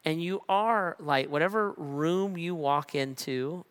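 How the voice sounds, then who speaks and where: A man preaching a sermon as pastor in a church, talking in a relaxed, conversational way with repeated phrases and slow, emphatic pauses. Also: a little high, clear, resonant tone.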